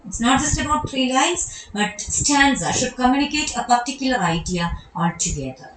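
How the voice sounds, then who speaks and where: A woman's voice: high-pitched, animated, normal speed, roomy sound, slight background noise, low-quality recording. A woman with a Malayali accent teaching a poetry lesson, explaining step by step and repeating key terms. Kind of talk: recorded online lecture on poetry.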